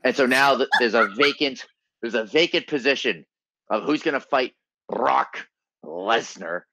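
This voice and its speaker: A man's voice: mid-range voice, a little slow, sharp tone, no echo. A man co-hosting a podcast in casual chat, a laid-back storyteller. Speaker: podcast co-host. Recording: dull, dry sound.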